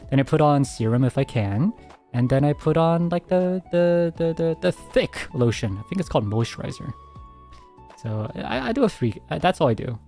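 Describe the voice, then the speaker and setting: A man streamer answering viewer questions in a soft, hesitant casual chat, speaking very close to his mic at home. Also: mid-range voice. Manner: soft-spoken, hesitant, many restarts.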